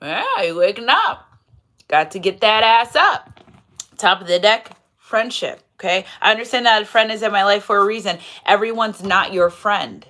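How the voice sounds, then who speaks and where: Animated, playful woman reading tarot. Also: medium pitch, moderate pace. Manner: animated, playful, frequent laughter and asides. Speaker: tarot reader. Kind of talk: casual live tarot reading.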